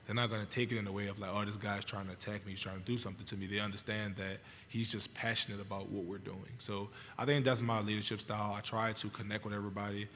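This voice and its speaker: A young man in his twenties from Louisiana, a college football player, answering press conference questions in a calm, thoughtful way with many fillers. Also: lowish voice. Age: 20s. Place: large media hall. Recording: long reverb of a large hall, faint noise.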